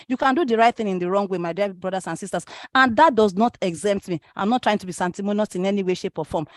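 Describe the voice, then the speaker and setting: A Nigerian woman speaks quickly and urgently, pressing her listeners with one rhetorical question after another. She mixes Arabic and Yoruba phrases into her English. Her voice sits at a middle pitch and sounds dry and close, with no room echo. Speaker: speaker at a parenting talk. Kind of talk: impassioned religious talk.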